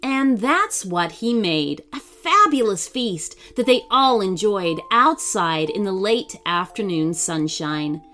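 Animated woman reading a children's story. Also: medium pitch, slow pace, few pauses, soft background music. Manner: expressive, animated.

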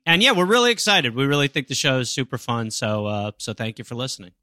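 A man co-hosting a comedy advice podcast, dropping deadpan quips in casual chat. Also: medium pitch, quick pace, no echo, clean studio sound. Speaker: podcast co-host.

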